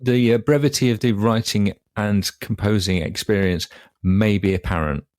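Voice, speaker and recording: Deep, dry-witted man in his fifties. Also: moderate pace, a little mellow, no echo. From Derby, England. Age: 50s. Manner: dry, wry and precise. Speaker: podcast co-host. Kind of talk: casual chat.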